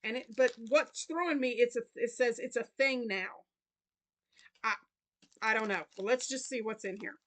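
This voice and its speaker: A woman's voice: a little high, moderate pace. A middle-aged woman chatting casually while unboxing gifts in a crafting vlog, often breaking into helpless laughter. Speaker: crochet vlogger.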